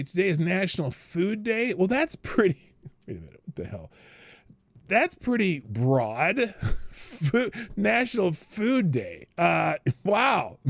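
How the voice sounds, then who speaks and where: A man's voice: sits high, no room sound. An American man hosting a live stream, making sarcastic remarks, laughing at his own jokes and reading out news. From United States. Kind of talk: casual solo live-stream commentary.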